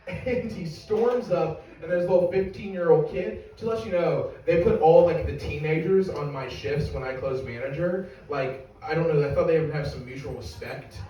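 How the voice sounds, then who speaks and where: Heard from a distance in an echoey room, a young man does stand-up with a voice on the high side and a darkish tone. He rambles through a self-mocking, profane story for the crowd in front of him.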